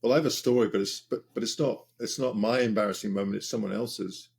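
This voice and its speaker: Low, gravelly man guesting on a podcast. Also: steady tone, fast talker, a little mellow. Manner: hesitant, laughs at his own story. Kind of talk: casual chat.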